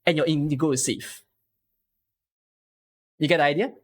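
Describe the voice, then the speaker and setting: A man's voice: on the high side, fairly even intonation, normal speed. A man, coaching a viewer through a game strategy on a live stream and asking frequent rhetorical questions. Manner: explains patiently with many rhetorical questions.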